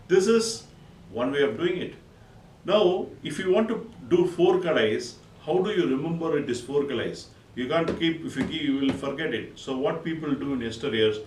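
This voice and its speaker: A man teaches rhythm, counting beats one by one and then calling out drum syllables louder and more sharply. He stands some distance from the mic, so his voice sounds thin and spread out. The room is echoey, and a faint hiss of noise runs under it. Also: on the high side, very animated, normal speed. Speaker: music teacher. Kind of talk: spoken music lesson with counting and rhythm syllables.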